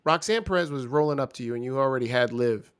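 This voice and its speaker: A man's voice: medium pitch, fast talker, clear, resonant tone. A young man co-hosting a wrestling review, talking in casual, joking banter with teasing asides.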